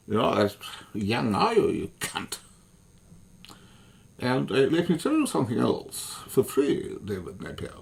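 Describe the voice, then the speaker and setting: A man's voice: medium pitch, wildly swooping pitch, slow pace, gravelly, pauses often, breathy edge. A man delivering an angry, swearing monologue as an online commentator, furious and repetitive.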